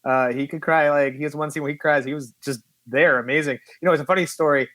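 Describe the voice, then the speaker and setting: A film producer chatting in an interview, an animated storyteller who acts out quotes and laughs often. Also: male voice, fairly high pitch, fast, no room sound. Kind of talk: casual interview chat.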